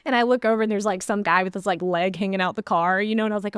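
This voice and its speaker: A young adult woman, an actress guest, telling funny stories in an animated way, often laughing, in a casual interview. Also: mid-range voice, racing, few pauses, smooth, no room sound, studio quality.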